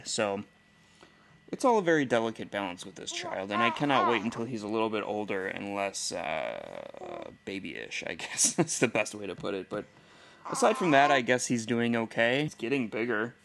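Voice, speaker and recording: A man's voice: fairly low pitch, gravelly, noisy background. A man who is a stay-at-home dad and podcast host, talking candidly in a rambling casual monologue and chuckling often.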